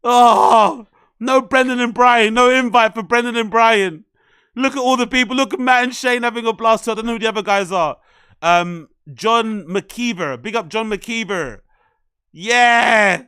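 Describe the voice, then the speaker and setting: Man, streamer host, excitable, heavy swearing, crisp resonant tone, bright. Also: very high voice, moderate pace, no room sound, clean studio sound. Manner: excitable, swears heavily, laughs at own remarks. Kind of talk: live reaction stream.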